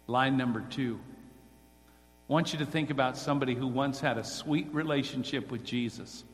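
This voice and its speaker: A man's voice: medium pitch, fairly bright tone. A man preaching a sermon to a congregation and putting direct questions to his listeners. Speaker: pastor. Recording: long hall reverb.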